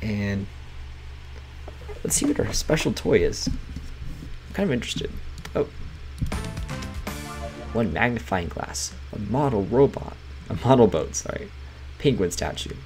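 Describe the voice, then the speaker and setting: A man's voice: lowish voice, very animated, a little slow, long pauses, darkish tone, soft background music. A man casually commenting while playing a management game, chatty and often laughing, reading game text aloud. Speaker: gaming writer streaming a game. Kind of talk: casual let's-play commentary.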